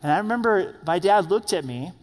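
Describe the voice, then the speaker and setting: A man with a high voice delivers a sermon from the pulpit. He tells his stories with animation and gives the quoted characters voices of their own. His words ring out with the long reverb of a church sanctuary. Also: lively intonation, brisk. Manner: storytelling, acts out quoted voices. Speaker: pastor.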